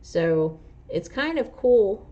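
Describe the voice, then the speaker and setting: A woman with a New Jersey accent, who works as a truck driver and instructor, hosts a casual livestream in a sing-song, medium-pitched voice at a slow pace. She rambles through viewer comments with many fillers, and the audio is dull and lo-fi.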